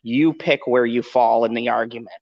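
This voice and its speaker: Excitable guy ranting casual, swears a lot, dry muffled mic. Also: medium pitch, normal speed, vocal fry, no echo. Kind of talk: casual chat.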